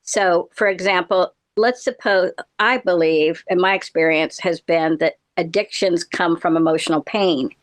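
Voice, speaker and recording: A woman's voice: fairly low pitch, normal speed, hardly any pauses. Chatty woman therapist co-hosting a podcast. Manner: playful, explains at length. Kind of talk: casual chat.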